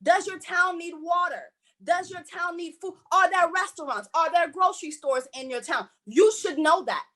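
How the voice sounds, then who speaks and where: High-pitched fiery woman from Haiti. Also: moderate pace, hardly any pauses, fairly bright tone. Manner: emphatic, blunt, swears freely. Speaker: panel speaker. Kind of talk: impassioned panel talk.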